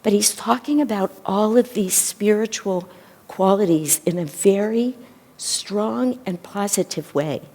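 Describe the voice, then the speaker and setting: A woman minister giving a sermon in a temple, retelling a sacred story in a gentle storytelling way. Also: medium pitch, measured pace. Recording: long hall reverb.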